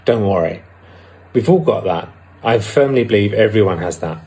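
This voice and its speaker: A man with a husky, low-pitched voice talks candidly about working a twelve-step recovery program. He sounds reflective and personal and now and then hesitates to find his words. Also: lively intonation, a little fast, mellow. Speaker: recovery vlogger.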